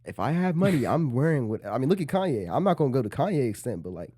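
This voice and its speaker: A young man co-hosting a casual podcast, telling stories quickly with lots of slang. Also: mid-range voice, slightly rough, no room sound, clean studio sound. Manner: fast, animated storytelling with slang. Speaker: podcast co-host. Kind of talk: casual chat.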